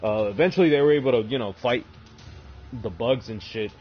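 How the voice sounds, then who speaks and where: A man's voice: medium pitch, fairly quick, lo-fi sound, faint music behind. A man streaming a game, casually retelling a story in a rambling way with lots of swearing. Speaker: gaming streamer. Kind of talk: casual lore retelling while playing.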